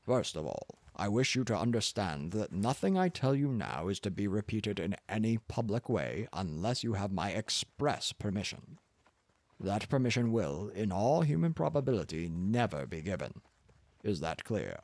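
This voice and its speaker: A man's voice: on the low side, very animated, moderate pace, a little mellow, dry recording. A man voicing a pompous, arrogant older professor who lectures in a condescending manner. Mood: lecturing.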